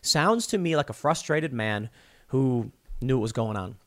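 A man hosting solo political commentary, talking in an animated, self-interrupting way. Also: medium pitch, measured pace. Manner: animated, self-interrupting, mocking quoted voices.

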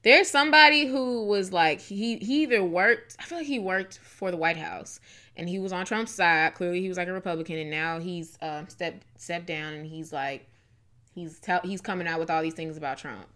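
A young woman co-hosting a casual chat show, talking in a playful, animated way with quick asides. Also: fairly low pitch. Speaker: podcast co-host.

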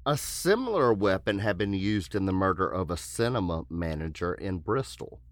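Male podcast host, deep voice, casual true-crime narrator who jokes between passages. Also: sing-song, normal speed, no room sound, clean studio sound. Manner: joking asides, puts on silly voices for quotes. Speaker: podcast host telling a case.

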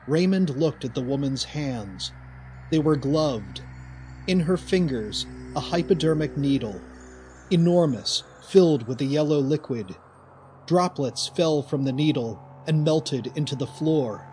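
A man narrating a horror story in a slow, deliberate, dramatic way. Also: mid-range voice, expressive, darkish tone, a little hiss or hum.

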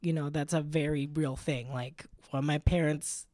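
A woman in a casual chat, speaking thoughtfully and softly with many fillers. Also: low-pitched, fairly even intonation, moderate pace, dry recording, clean studio sound.

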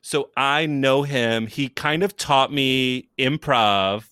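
A young man chatting casually as a podcast guest, rambling with lots of fillers and quick impressions. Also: medium pitch, sharp tone, clean tone, no echo, studio quality. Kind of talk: casual chat.

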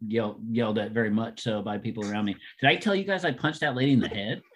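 Man, low voice, casual chat, rambling anecdotes, laughs along. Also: quick pace, slight background noise. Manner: rambling storyteller, animated when laughing.

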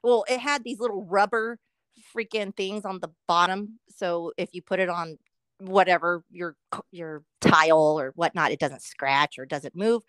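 A middle-aged woman co-hosting a casual podcast, telling a story with constant swearing and lively animation. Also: fairly low pitch, moderate pace, clean tone, no echo. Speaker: podcast co-host.

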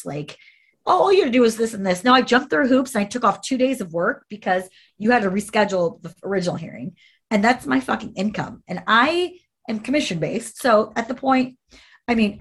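A woman's voice: medium pitch, slightly rough. A woman guest telling a personal story in an interview, candid and blunt, swearing freely.

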